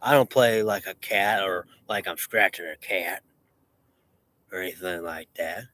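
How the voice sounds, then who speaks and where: A man's voice: sits low, a little slow, fairly bright tone. A man who runs a lawn care business, talking in a rambling, repetitive and boastful way with many restarts. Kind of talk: rambling casual monologue.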